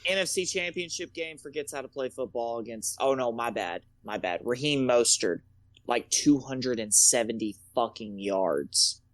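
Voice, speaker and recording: A man's voice: mid-range voice, lively intonation, moderate pace, dry recording. A man co-hosting a casual sports podcast, swearing freely and rambling through anecdotes. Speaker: podcast co-host.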